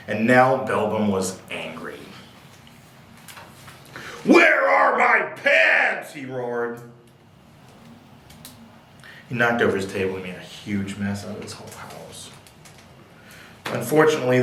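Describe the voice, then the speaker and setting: A man reads picture books aloud at a library, adding playful, jokey asides as the library storyteller. His voice is on the low side and a bit bright, and the recording has a little hiss or hum, an echoey room, and a distant mic.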